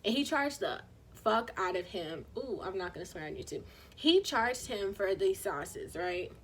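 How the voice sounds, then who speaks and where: A woman in her twenties telling a story on her channel in a casual, animated way, acting out what other people said. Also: mid-range voice, a little slow, slight background noise. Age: 20s. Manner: animated, acts out quoted people. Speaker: vlogger.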